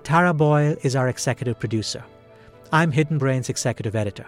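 A man hosting a podcast, reading scripted narration in a calm, measured way. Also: medium pitch, faint music behind. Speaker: podcast host.

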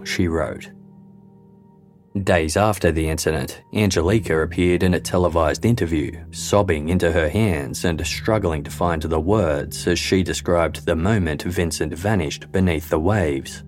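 A man giving scripted true-crime narration in a measured, even documentary delivery. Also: low-pitched. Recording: faint music bed underneath.

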